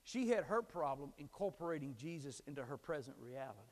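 Man, pastor, sermon, high voice, long hall echo, impassioned. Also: very animated, fairly quick. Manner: builds from quiet storytelling to shouted preaching.

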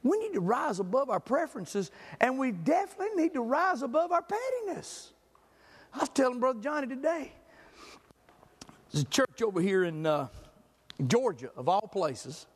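A man's voice: very high-pitched, moderate pace, husky, big-room sound. A man preaching a sermon in a church, telling stories and joking with the congregation. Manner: animated storytelling, jokes with the congregation.

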